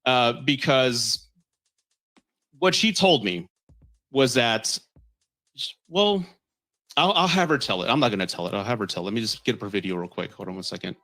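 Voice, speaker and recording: A man's voice: mid-range voice, expressive, normal speed, long pauses, pushed and bright. A man giving casual commentary, reading messages aloud in a blunt, mocking, profane way. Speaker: content creator.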